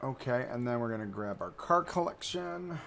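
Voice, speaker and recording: A man live-streaming a park-building game, chatting and thinking aloud as he browses and places items, swinging between excited outbursts and low mutters. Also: moderate pace, vocal fry, a little hiss or hum. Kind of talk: casual live-stream commentary while building.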